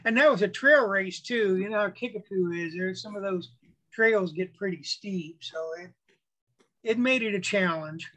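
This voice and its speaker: A middle-aged man with a notably high voice chats on a video call, rambling through a family story with easy restarts. He sounds relaxed and talkative, like a club member warming up before a talk. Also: moderate pace, rough recording. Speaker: club presenter.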